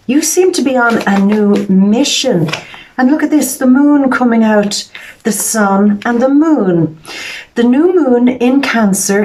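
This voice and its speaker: Earnest woman tarot reader, emotional, repeats herself, mid-pitched voice. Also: darkish tone. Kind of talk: psychic tarot reading monologue.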